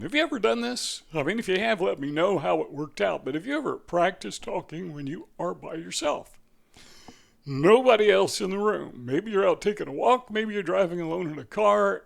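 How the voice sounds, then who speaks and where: A man with a fairly high voice and a heavy gravelly rasp talks straight to camera. He works through numbered advice points in an earnest, unscripted way and pauses now and then to find the right word. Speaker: channel host. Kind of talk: talking-head advice monologue.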